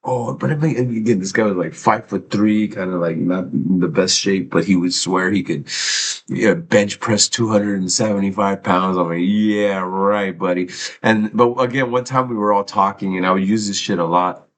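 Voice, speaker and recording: A man's voice: low voice, steady tone, moderate pace, slight background noise, poor audio. A man chatting casually on his own live stream, rambling and talking to himself while fixing his stream audio, with casual swearing. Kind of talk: casual solo livestream chat.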